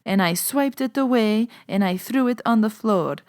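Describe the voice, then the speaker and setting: A woman's voice: fairly high pitch, moderate pace, a little mellow, pitched above the performer's own voice, lightly acted. A woman voicing a tiny elderly grandmother in her eighties with a Lebanese accent, chatty and insistent. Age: 80s. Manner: insistent, matter-of-fact.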